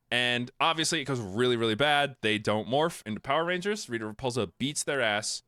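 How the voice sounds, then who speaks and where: A man's voice: mid-range voice, a little fast, clear, resonant tone, no echo, studio quality. A man co-hosting a podcast, casually recapping a film with joking, mocking quotes. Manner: animated, mocking quotes with crude jokes. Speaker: podcast co-host. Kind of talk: casual comedic recap chat.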